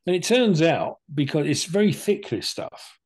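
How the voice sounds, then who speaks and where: Very animated, an older man speaks at normal speed in a husky, slightly high voice as he casually tells his cancer story on the podcast he co-hosts. Chatty and plain-spoken, he voices both sides of each conversation.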